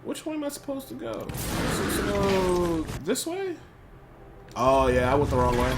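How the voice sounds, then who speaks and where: High, lively man trash-talking a game. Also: normal speed, very noisy. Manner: loud trash-talking at enemies, heavy swearing; thinking aloud, chatty. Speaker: let's play commentator. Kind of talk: gameplay commentary.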